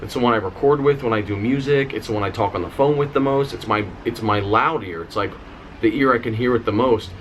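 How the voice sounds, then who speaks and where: A male singer and dancer vlogging, telling a personal story in a candid, animated way with casual swearing. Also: mid-range voice, a little fast, slight background noise.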